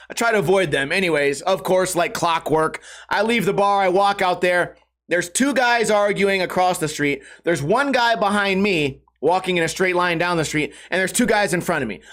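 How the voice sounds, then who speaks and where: A man with a high-pitched voice hosts a solo podcast and tells a rambling, profane story about his own night. He mocks himself as he goes. When he acts out other people, his voice jumps up sharply. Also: fairly bright tone. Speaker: podcast host. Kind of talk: casual storytelling monologue.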